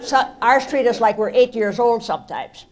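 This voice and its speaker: An older woman from Minnesota, telling homespun stand-up stories with deadpan punchlines on a theatre stage. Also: fairly high pitch, normal speed, some chatter behind. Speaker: comedian. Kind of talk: folksy stand-up storytelling. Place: stage of a performing arts center.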